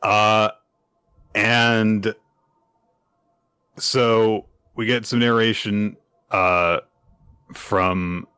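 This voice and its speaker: A man co-hosting a casual podcast, retelling a chapter in a chatty way with lots of fillers and pitch jumps for quoted lines. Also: flat delivery, extremely slow, pauses often, pushed and bright, clean tone, no echo, studio quality. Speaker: podcast co-host. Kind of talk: casual chat recapping manga chapters.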